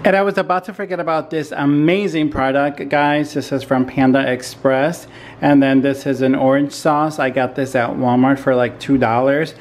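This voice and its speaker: A man's voice: mid-range voice, steady tone. A man talking to his camera in a casual vlog, reflective and open about his feelings. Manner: slow, emotional, reflective then chatty. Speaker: vlogger.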